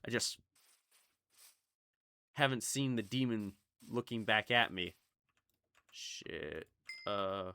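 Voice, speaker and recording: Lively chatty young man gaming. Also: fairly low pitch, slight background noise. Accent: slight Southern US (Kentucky). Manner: rambling, swearing, jumpy, chatty. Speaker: gaming YouTuber. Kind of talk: casual gameplay commentary.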